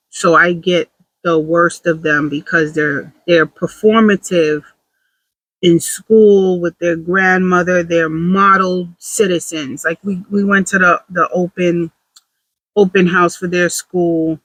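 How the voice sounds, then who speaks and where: A woman's voice: on the low side, fairly bright tone, no echo, rough recording. A woman talking candidly to camera in a casual confessional vlog, rambling with self-deprecating humor. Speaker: vlogger.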